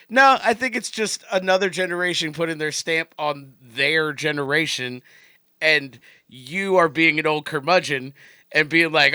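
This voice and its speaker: A man in his late thirties co-hosting a podcast, ranting in casual chat, animated and profane, acting out little voices as he goes. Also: on the high side, measured pace, clean tone, dry recording, studio quality. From United States. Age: late 30s. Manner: animated, profane, acts out voices mid-rant. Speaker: podcast co-host.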